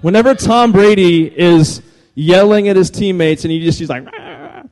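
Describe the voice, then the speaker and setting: A lively man speaking to a live audience in a voice that sits a little high. He talks in an animated, playful way, often repeating himself. He cuts in with quick asides to hold the crowd's attention. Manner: energetic, jokey, repeats phrases, calls for attention. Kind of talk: animated, humorous talk to an audience.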